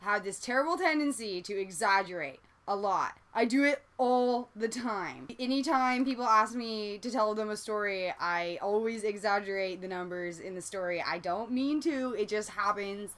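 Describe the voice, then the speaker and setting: A woman's voice: mid-range voice, normal speed, hardly any pauses, a bit bright. A young woman in her twenties with a Southern Californian accent, talking casually in a rambling, confessional vlog full of "like" and casual swearing. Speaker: vlogger.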